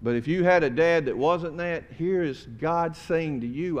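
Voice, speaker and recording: Folksy pastor preaching softly. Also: male voice, fairly high pitch, animated, measured pace, hardly any pauses, slight background noise. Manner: conversational preaching, folksy, drops to soft tender tones. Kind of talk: sermon. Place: church sanctuary.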